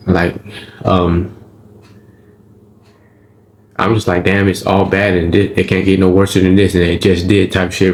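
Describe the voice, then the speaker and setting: Speaking at a fairly low pitch, a man relates what prison was like for him in loose, cursing street slang. He checks in with his listener as he goes, often saying "right?" and "you feel me?", and the clip has slight background noise.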